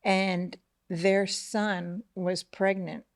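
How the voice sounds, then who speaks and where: A middle-aged woman telling a family story in casual podcast chat, animated, acting out the voices of the people in it and often asking "right?". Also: medium pitch, extremely slow, creaky, no echo, clean studio sound. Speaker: podcast co-host, mother of the host.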